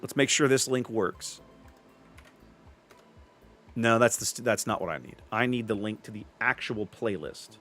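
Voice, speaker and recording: A man's voice: lowish voice, measured pace, pauses often, a bit bright, soft background music. A man streaming a game, chatting casually with his viewers in a rambling, self-interrupting way. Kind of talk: casual gameplay commentary with chat.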